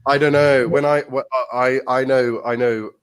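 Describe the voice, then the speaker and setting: A man's voice: mid-range voice, fairly even intonation, normal speed, clean tone. Blunt, posh-accented English man on a call. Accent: English upper-class. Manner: blunt and opinionated. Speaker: guest. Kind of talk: casual chat.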